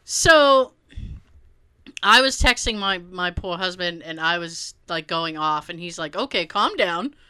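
A woman in her thirties hosting a casual chat, animated and profane, laughing often. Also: fairly low pitch, measured pace, clear, resonant tone. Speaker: podcast host.

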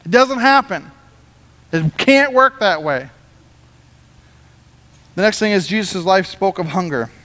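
Man, pastor, lively conversational sermon, high voice, reverberant hall. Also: a little slow, long pauses. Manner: animated, conversational preaching with acted-out quotes.

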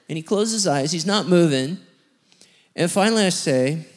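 A male guest preacher tells a story from the pulpit, acting out each voice in it. His pitch sits in the middle, with a very lively melody that swings high and low. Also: moderate pace. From rural background. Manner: animated, acts out voices in his stories. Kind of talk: sermon storytelling.

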